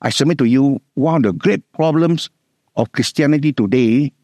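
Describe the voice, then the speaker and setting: A middle-aged man with a Singaporean English accent, preaching a sermon, repeating key words and slowing down to stress scripture. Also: medium pitch, a little mellow, no room sound, studio quality.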